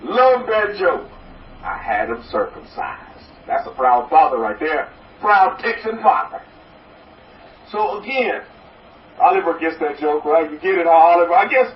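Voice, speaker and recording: Guy rabbi preaching, folksy, keeps repeating himself, fairly high voice, echoey far-off dull sound. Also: a little hiss or hum. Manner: repetitive, folksy, joke-telling, repeats a blessing refrain. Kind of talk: sermon. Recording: distant, roomy, dull recording.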